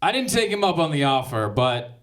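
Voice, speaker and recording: A man doing a stand-up set on a comedy club stage, telling deadpan stories. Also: a little high, normal speed. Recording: loud crowd laughter. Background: audience laughter.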